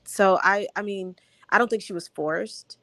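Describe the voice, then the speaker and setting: Female panelist, casual commentary, thoughtful and searching, mid-pitched, dry close sound. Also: unhurried, bright, forceful tone, dry recording. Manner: reflective, searches for words aloud.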